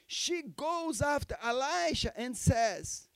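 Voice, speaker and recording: Emphatic pastor preaching, high and very slow. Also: male voice, expressive, darkish tone, no echo. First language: Portuguese. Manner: emphatic, repeats key phrases, calls for amens. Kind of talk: sermon. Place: church.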